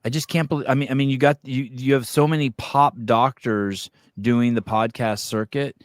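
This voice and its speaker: A man's voice: mid-range voice, fairly even intonation, normal speed, no room sound, studio quality. A man hosting a podcast interview, asking questions in a rambling way with frequent fillers and restarts. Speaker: podcast host. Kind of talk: conversational interview.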